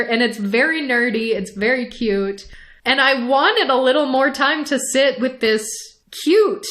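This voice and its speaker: A young woman co-hosting a podcast, recapping a show in a casual, animated way, laughing often and restarting her sentences. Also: medium pitch. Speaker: podcast co-host.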